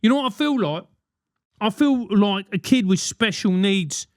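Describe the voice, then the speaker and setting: A man's voice: sits high, lively intonation, moderate pace, a little mellow, clean tone, dry recording, studio quality. A man in his forties hosting a solo podcast, ranting animatedly with swearing and mock voices. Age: 40s. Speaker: podcast host.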